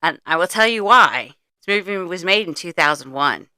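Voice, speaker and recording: A woman's voice: on the low side, animated, normal speed, bright, forceful tone, clear, resonant tone, no echo, clean studio sound. A middle-aged woman co-hosting a podcast, recapping a movie's plot in blunt casual chat and swearing freely. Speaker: podcast co-host.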